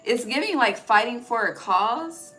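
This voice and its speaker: A woman's voice: fairly high pitch, lively intonation, measured pace, pushed and bright, faint music behind, poor audio. Chatty, cussing woman tarot reader. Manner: chatty, profane, asks "okay?" often. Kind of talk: casual intuitive tarot reading. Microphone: phone.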